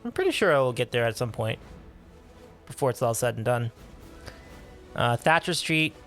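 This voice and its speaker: A man hosting a casual livestream, reading and answering chat with upbeat, animated talk and frequent laughs. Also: medium pitch, moderate pace, faint music behind. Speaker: livestream host.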